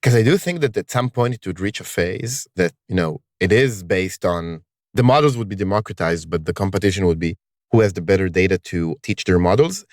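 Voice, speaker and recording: A man hosting a podcast in casual conversation, speaking emphatically and lifting his pitch on key words. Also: brisk, no room sound, clean studio sound. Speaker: podcast host.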